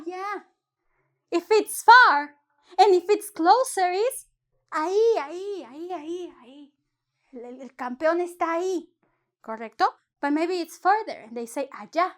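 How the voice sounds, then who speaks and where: A woman's voice: sits high, pushed and bright. A woman from Mexico, teaching a casual online lesson in a rambling, chatty way with lots of self-corrections. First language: Spanish. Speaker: Spanish teacher.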